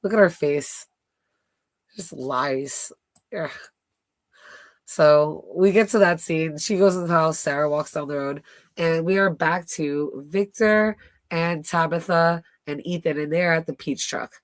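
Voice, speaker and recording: Low-voiced woman doing a live show recap, chatty and animated, acts out the lines. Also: measured pace, no echo. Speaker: host. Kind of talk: casual live recap chat.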